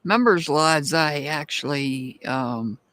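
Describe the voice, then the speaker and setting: A woman's voice: sits low, takes it slowly, fairly bright tone, no echo. A woman hosting a tarot live stream, chatting casually and calling out viewers by name as she thanks them.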